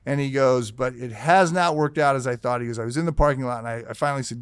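A man's voice: medium pitch, fast talker, smooth, no echo. A man hosting a casual talk show, telling a long story with lots of "he goes" and restarts.

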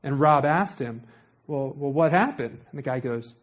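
A man's voice: medium pitch, moderate pace, lo-fi sound. A young man preaching a sermon in a conversational way, with joking asides to the congregation.

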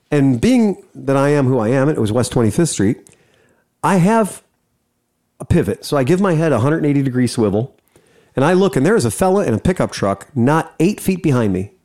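Casual male podcast host, mid pitch, profane and lively storyteller. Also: moderate pace, pauses often.

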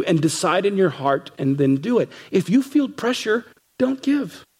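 A man's voice: high voice, darkish tone, slightly rough. A man preaching a sermon as pastor, emphatic, repeating phrases and acting out what people say. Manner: emphatic, repeats phrases, acts out quoted voices.

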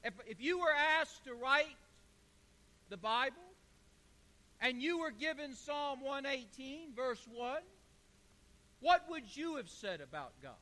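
A man's voice: extremely high pitch, very animated, slow pace, long pauses, sharp tone. A male pastor preaching a sermon, building emphatic repeated lists and calling the congregation to answer back. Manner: emphatic repetition, call-and-response with congregation. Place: church sanctuary. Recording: long reverb of a church hall.

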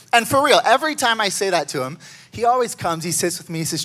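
A male pastor delivers a sermon with a high, bright voice. He tells stories animatedly, jumping up in pitch when excited. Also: quick pace.

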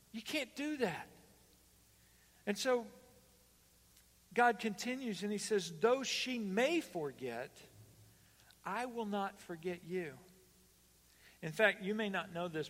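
A pastor preaching a sermon to his congregation, swinging between loud emphatic calls and hushed, slow lines. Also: high voice, expressive. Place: church hall. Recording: long reverb of a church hall.

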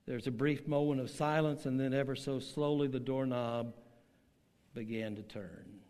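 An older male pastor delivering a sermon, his pitch sitting in an ordinary middle range. He tells stories slowly and with emphasis, pausing for effect. His voice rings with the long reverb of a large hall. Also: fairly even intonation, a little mellow, smooth. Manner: slow, emphatic storytelling with dramatic pauses. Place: church hall with online audience.

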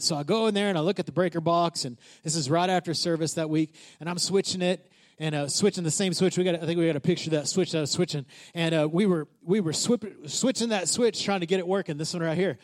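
High-voiced pastor telling a chatty story. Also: male voice. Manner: animated, chatty storytelling with filler words. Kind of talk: sermon told as a casual story. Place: church.

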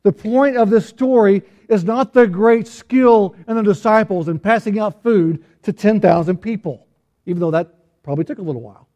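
A man's voice: high voice, moderate pace, mellow. A man, a pastor, preaching a conversational sermon with folksy humor and rhetorical questions, often restarting his sentences. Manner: frequent restarts and repeated words.

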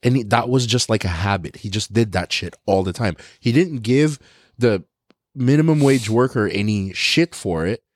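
A man's voice: fairly low pitch, expressive, moderate pace, dry recording, clean studio sound. A man co-hosting a podcast, telling stories in casual, profane chat and imitating the people he quotes. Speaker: podcast co-host.

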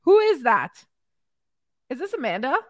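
Her sing-song, high-pitched voice moves at a moderate pace in a dry recording with clean studio sound. This fitness coach and podcast host is live streaming from her home in Mexico, reading comments about her clients' wins aloud. She cheers them on with upbeat energy and gets emotional, her heart on her sleeve.

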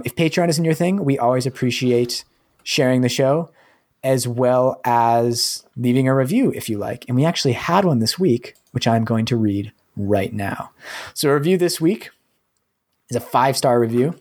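A man co-hosting a podcast in casual chat, easygoing and pausing between phrases. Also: medium pitch, darkish tone. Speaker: podcast co-host.

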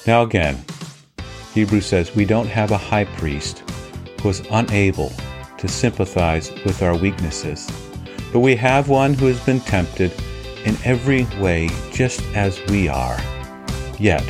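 A man preaching a sermon in an earnest, measured way, repeating phrases for weight. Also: fairly low pitch, expressive, music in the background. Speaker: pastor.

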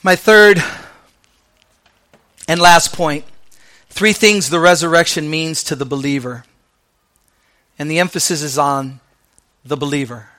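Bright-voiced male pastor preaching. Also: a little high, fairly even intonation, measured pace, pauses often. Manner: conversational preaching with slang asides; drops to soft, quiet delivery on key lines. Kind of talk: sermon.

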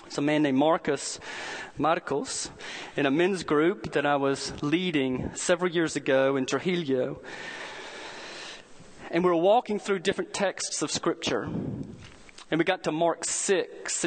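A man preaching a sermon as a pastor, telling stories earnestly and slowing down to stress key words. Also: fairly high pitch, poor audio. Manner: earnest storytelling with slowed emphasis.

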